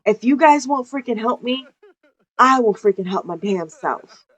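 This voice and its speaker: A woman's voice: a little high, animated, moderate pace. A woman voicing a hot-headed young male gangster bent on revenge, blunt and swearing hard in a game playthrough. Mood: angry.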